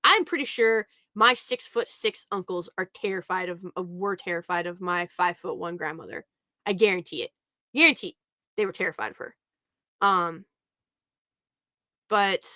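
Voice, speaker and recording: A woman's voice: mid-range voice, unhurried, pauses often, sharp tone, no echo, clean studio sound. A young woman telling a family story in a casual, rambling way, often laughing as she talks. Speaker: podcast host.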